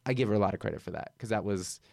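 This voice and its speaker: A man's voice: lowish voice, racing, gravelly, darkish tone, no echo, studio quality. A man talking in a casual conversation, earnest and reflective, telling a personal story with many "like" fillers.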